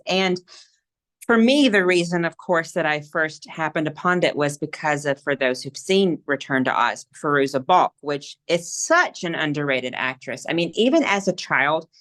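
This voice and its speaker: A woman's voice: low voice, expressive, normal speed, a bit bright. A woman with a Southern US accent hosting a casual podcast discussion, talking enthusiastically and gushing with rambling fillers. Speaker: podcast host.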